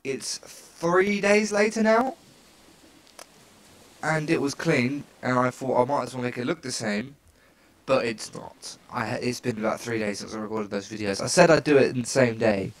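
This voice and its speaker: A man's voice: mid-range voice, normal speed. A man commenting casually on a game as he plays, reading its lines aloud and adding joking, self-mocking asides in a chatty, rambling way. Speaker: let's player.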